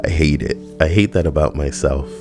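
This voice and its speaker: A man hosting a comedy video, reading out a funny list and making sarcastic, quick asides. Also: extremely low pitch, over music. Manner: sarcastic, quick asides, laughs at own jokes.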